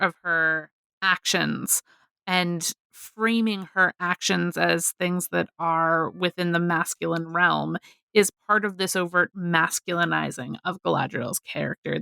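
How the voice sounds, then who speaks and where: Gravelly bright-voiced woman. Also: lowish voice, no room sound. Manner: scholarly and measured, slow deliberate emphasis. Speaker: podcast co-host. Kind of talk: reading prepared notes, podcast discussion.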